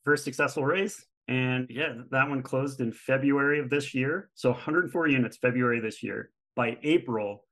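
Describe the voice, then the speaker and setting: A middle-aged man, a guest on a podcast, telling an animated story in casual conversation and acting out the people he quotes. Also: medium pitch, normal speed, hardly any pauses, rough recording. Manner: animated storyteller who acts out quoted exchanges. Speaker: guest, real estate fund manager.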